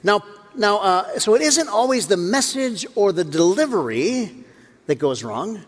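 Lively pastor preaching in a reverberant hall. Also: male voice, sits high, measured pace. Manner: storytelling, acts out quoted voices with humor. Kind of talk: sermon. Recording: long reverb of a church hall.

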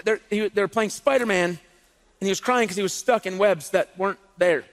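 A man in his thirties, a pastor, giving a sermon in a chatty, animated way with casual stories and rhetorical questions to the congregation. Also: high voice, moderate pace. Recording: long reverb in a large hall.

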